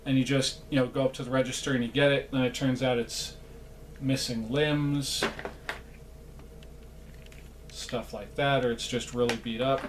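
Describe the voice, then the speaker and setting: A man talking straight to camera in a loose, rambling vlog, full of fillers and self-mocking asides. His pitch sits in a plain middle range. Faint noise hums under the recording. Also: little pitch movement, unhurried, pauses often. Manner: rambling, chatty, self-deprecating, many fillers. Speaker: vlogger.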